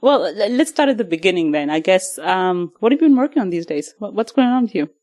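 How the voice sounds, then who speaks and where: A woman's voice: mid-range voice, expressive, quick pace, darkish tone. A woman interviewing her husband on a podcast, playful and a bit hesitant with her questions. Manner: playful, laughing easily, hesitant. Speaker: guest interviewer.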